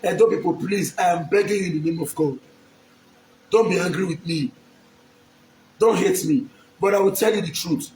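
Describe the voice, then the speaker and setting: This man, an aspiring local politician from Edo State with a Nigerian accent, talks at a moderate pace in a high, slightly mellow voice, pausing often. Looking straight into the camera, he pleads emphatically with the public and repeats himself. The sound is roomy, with a little background noise.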